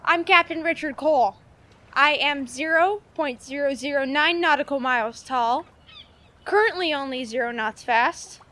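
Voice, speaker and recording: Blustery sea captain, man, boastful and theatrical, pitched high. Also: normal speed, pushed and bright. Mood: pompous. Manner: pompous, theatrical. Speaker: comedy sketch actor.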